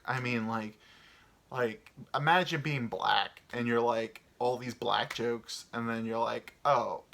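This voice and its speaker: Thirties male solo podcaster: loose, profane, rambling delivery with a bright, animated voice. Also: mid-range voice. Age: 30s. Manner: rambling, crude, many fillers. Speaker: podcast host. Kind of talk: casual solo podcast monologue.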